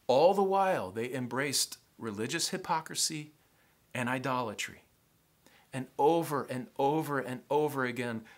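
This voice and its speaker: A pastor preaching a sermon in a church sanctuary, a man with a Southern American accent who acts out scenes in an animated way. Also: medium pitch. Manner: animated, acts out the sailors' panic in a raised voice.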